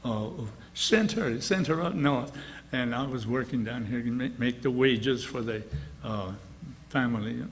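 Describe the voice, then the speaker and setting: A man's voice: medium pitch, unhurried. An older man, telling stories in a rambling, chuckling way at a book release gathering. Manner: rambling, chuckling, full of restarts. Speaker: author. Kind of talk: storytelling reading at an event. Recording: echoey hall, faint noise.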